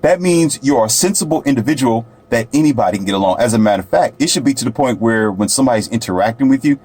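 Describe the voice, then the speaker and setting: A man's voice: fairly low pitch, a little mellow, husky. A man telling a story to the camera in a casual, boastful monologue, often turning to the viewer. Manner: boastful, chatty, addresses viewer directly. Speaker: vlogger.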